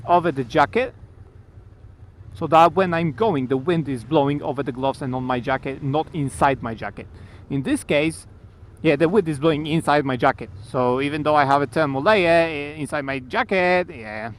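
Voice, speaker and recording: Biker guy ranting into his helmet mic, kinda high voice, engine and traffic noise behind. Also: moderate pace. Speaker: motorcycle vlogger. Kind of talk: riding motovlog commentary. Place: on a motorcycle in city traffic.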